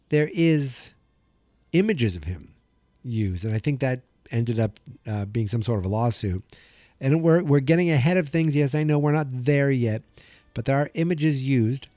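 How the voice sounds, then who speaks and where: A man's voice: mid-range voice, dark tone, no echo. A man hosting a solo podcast in a casual, rambling way, often cutting himself off and restarting with jokes. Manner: rambling, self-interrupting, jokey. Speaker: podcast host.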